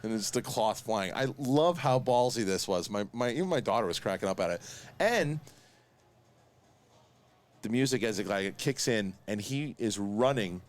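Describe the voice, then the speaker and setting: Excitable male host, casual watch-along commentary, voice swings up and down a lot. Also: fairly low pitch. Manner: excitable, talks fast in bursts, laughs often.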